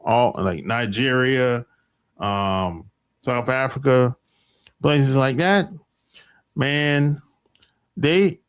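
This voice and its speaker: A man's voice: medium pitch, drawn-out words, long pauses, smooth. An American man hosting a podcast, talking in a rambling, emphatic opinion monologue full of profanity. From United States. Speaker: podcast host.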